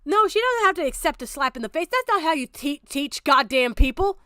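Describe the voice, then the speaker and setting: A woman's voice: high-pitched, big pitch swings, fairly quick, bright, forceful tone, no echo, studio quality. A young woman streamer giving angry, profane reaction commentary, ranting hard and breaking into laughter.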